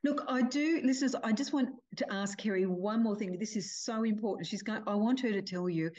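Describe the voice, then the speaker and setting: An older woman hosting a podcast, telling a family story in a lively, chatty way over a video call. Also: medium pitch, fairly quick, highs cut off. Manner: animated storyteller, acts out family quotes. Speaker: podcast host. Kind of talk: casual chat.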